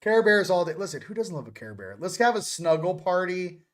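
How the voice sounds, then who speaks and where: A man's voice: sits high, very animated, brisk. A man hosting a casual morning chat, joking and rambling as he goes. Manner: joking, rambling, self-interrupting. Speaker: host.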